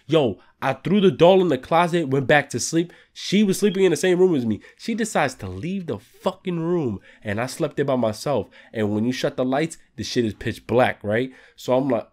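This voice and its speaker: A young man hosting his channel, telling a story in a casual, animated way full of swearing. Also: medium pitch, brisk, hardly any pauses. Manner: profane, animated, heavy swearing. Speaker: channel host.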